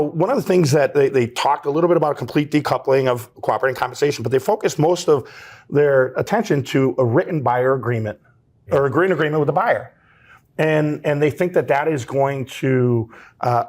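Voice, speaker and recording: A man speaking as an interview guest, earnest and measured, pausing and restarting often. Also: medium pitch, a little mellow. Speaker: trade association president, guest. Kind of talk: interview conversation.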